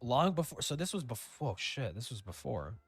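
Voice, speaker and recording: A man's voice: mid-range voice, sing-song, normal speed, breathy edge, no echo, soft background music. A man giving reaction commentary on screenshots, incredulous and profane, stammering into outbursts. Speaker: commentary YouTuber.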